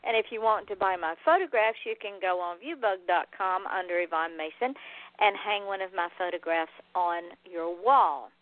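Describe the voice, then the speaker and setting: A woman's voice: on the low side, moderate pace, dry recording. A woman hosting an internet radio show, folksy and enthusiastic, saying y'all. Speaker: podcast host. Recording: tinny phone line.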